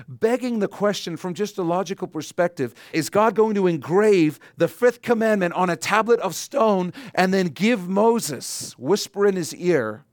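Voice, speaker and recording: A man preaching, with a slightly high voice. He mixes scripture reading with dry humor and plain talk to his congregation. The sound is close and dry, with no room echo. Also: a little mellow. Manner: conversational preaching with wry asides. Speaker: pastor. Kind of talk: sermon.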